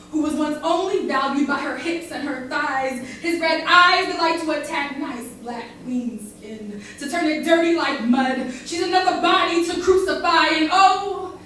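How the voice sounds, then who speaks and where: Young woman, spoken word poet, high voice, echoey room, far from the mic. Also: fairly bright tone, slight background noise. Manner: rhythmic, dramatic pauses. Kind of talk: spoken word poetry performance. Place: barber shop event with live audience.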